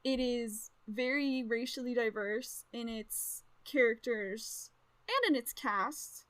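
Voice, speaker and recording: An excitable woman co-hosting a podcast in loose, casual chat. Her voice sits high, and she rambles from thought to thought with quick laughs. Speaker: podcast co-host.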